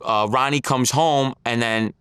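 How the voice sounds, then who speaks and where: A man's voice: mid-range voice, steady tone, measured pace, fairly bright tone, clear, resonant tone, no room sound, studio quality. A man, an interview guest telling stories from his past in blunt street talk and acting out the quotes. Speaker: interview guest, former mob associate. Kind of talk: casual storytelling interview.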